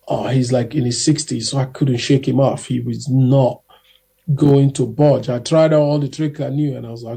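A young man telling stories in a casual, animated way as a guest, acting out the people he quotes. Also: medium pitch, normal speed, vocal fry, slightly rough. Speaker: guest singer. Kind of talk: casual storytelling.

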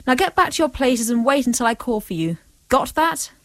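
A woman's voice: a little high, very animated, fast talker, fairly bright tone, no room sound. A woman, narrating a comic story and bossing her characters around, sounding exasperated. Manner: bossy, exasperated.

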